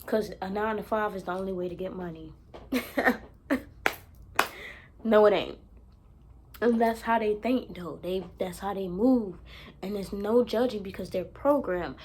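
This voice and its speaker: A young woman self-help vlogger with a mid-range, darkish voice talks unhurriedly and pauses often in a casual monologue, blunt and freely swearing while repeating her points for emphasis. There is slight background noise.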